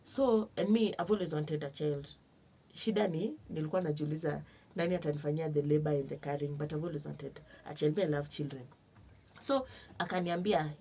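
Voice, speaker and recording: A young Kenyan woman telling a personal story to camera in a lively vlog, switching between slangy Swahili and English and acting out other people's lines. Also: low-pitched, fairly quick, slight background noise. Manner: animated, mixes slang-heavy Swahili with English. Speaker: vlogger.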